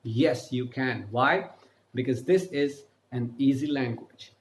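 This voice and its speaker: A man giving an upbeat online French lesson, repeating example phrases slowly. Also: medium pitch, reverberant. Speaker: French teacher.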